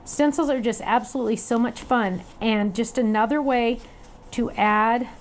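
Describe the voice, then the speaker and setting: Woman, craft class instructor, chatty, upbeat, fairly high voice, faint background hiss. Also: moderate pace. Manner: chatty and upbeat, talks to viewers while working; laughs at herself, playful sound effects. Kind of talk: live online crafting demonstration.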